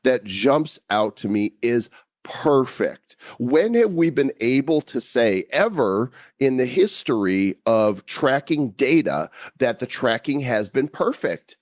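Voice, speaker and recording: A man's voice: medium pitch, sing-song, slow, no room sound, studio quality. A man co-hosting a podcast in casual chat, joking and laughing at his own puns. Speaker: podcast co-host.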